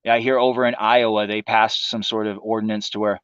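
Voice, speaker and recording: A man's voice: on the low side, flat delivery, a little fast, a bit bright, clear, resonant tone, dry recording, lo-fi sound. A man hosting a livestream, delivering a profane, sarcastic political monologue in a casual ranting manner. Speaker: livestream host.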